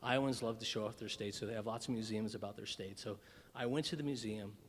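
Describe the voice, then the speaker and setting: A man's voice: fairly low pitch, fast talker, slight background noise. A man giving a keynote talk at a breakfast event, telling a story with lots of "you know" and "right". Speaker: keynote speaker.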